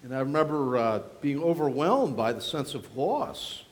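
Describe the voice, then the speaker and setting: A pastor from western New York preaching a sermon in a church, acting out prayers and quotes with strong feeling. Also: male voice, medium pitch, big pitch swings, moderate pace. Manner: emotive, acts out prayers and quotes in varied voices. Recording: long hall reverb.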